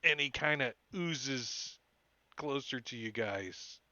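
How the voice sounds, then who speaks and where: A man's voice: medium pitch, animated, slow pace, pushed and bright. A man narrating as game master of a tabletop game, rambling with many fillers and restarts. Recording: dull lo-fi audio.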